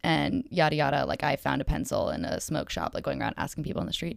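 A woman's voice: deep voice, very animated, fairly quick, gravelly, few pauses, no echo, clean studio sound. A young woman rambling through a dating story to her followers, chatty and full of fillers, acting out each exchange. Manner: chatty and rambling, filler-heavy, acts out dialogue. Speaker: solo storyteller.

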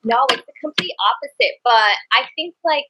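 A woman's voice: high voice, lively intonation, normal speed, pushed and bright, breathy edge, low-quality recording. A woman from the Bronx, a podcast guest talking conversationally, a bit nervous and full of "like" and "um". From the Bronx, New York. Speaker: podcast guest, business founder. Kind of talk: casual podcast interview.

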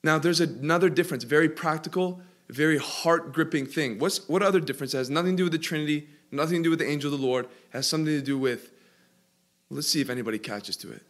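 A man preaching a sermon and asking his listeners questions, slowing and rising in pitch to stress key words. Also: a bit bright.

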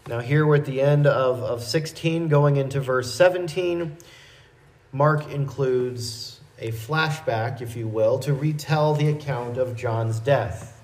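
A man's voice: mid-range voice, darkish tone. Man teaching Scripture in an echoey room. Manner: measured, explanatory, with small restarts. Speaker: preacher. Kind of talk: verse-by-verse Bible teaching.

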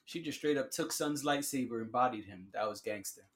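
A man's voice: medium pitch, brisk. A man co-hosting a casual podcast chat, talking in slang and acting out quotes with lots of energy. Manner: slangy, animated, acts out quotes. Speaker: podcast co-host.

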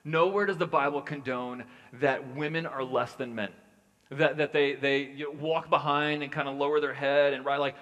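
A man's voice: mid-range voice, fairly bright tone. A man preaching as pastor in a casual sermon, chatty and joking in his asides. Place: church hall. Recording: long hall reverb.

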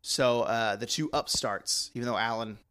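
Bright-voiced chatty man. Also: normal speed, clear, resonant tone. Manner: chatty, rambling, breaks into high laughs. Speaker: podcast co-host. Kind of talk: casual chat.

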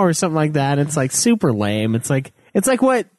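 A man co-hosting a podcast, laughing and swearing through casual chat. His pitch leaps around with lively intonation, and the sound is close and dry. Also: a little fast, no room sound. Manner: animated, laughing, profane. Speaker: podcast co-host.

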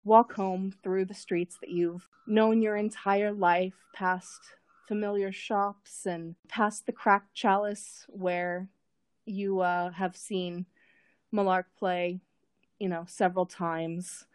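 A woman narrating a tabletop role-playing scene as game master, unhurried, thinking aloud with frequent fillers and repeated words. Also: medium pitch, little pitch movement, no echo.

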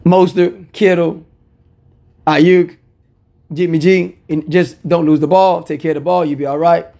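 A man with a fairly high, gravelly voice rattles off his football betting picks. He is casual and opinionated, and he repeats short phrases to hammer home his point. The tone is loose and conversational. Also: fairly even intonation, unhurried, dark tone. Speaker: sports picks commentator.

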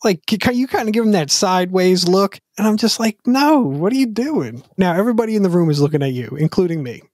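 A man's voice: sits high, fast talker, darkish tone, dry recording, studio quality. A man co-hosting a podcast in casual chat, reflective and blunt in his opinions. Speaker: podcast co-host.

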